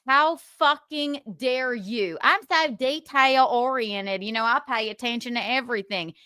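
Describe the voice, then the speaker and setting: A woman's voice: a little high, unhurried, bright, forceful tone, clear, resonant tone, no room sound, clean studio sound. A young woman hosting a livestream, ranting with profanity and sarcasm. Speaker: podcast host.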